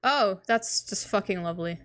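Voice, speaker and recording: A woman's voice: medium pitch, normal speed, fairly bright tone. A young woman casually reacting on a livestream, swearing often and making sarcastic asides. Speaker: streamer reacting to a webcomic.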